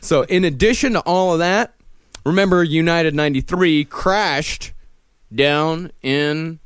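A man co-hosting a casual podcast, explaining in a deliberate, lecturing manner. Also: on the high side, clear, resonant tone, no room sound. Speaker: podcast co-host. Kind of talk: casual chat.

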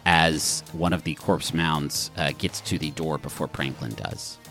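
A man narrating a tabletop game as game master, relaxed and full of fillers. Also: extremely low pitch, a little slow, loud music behind the voice.

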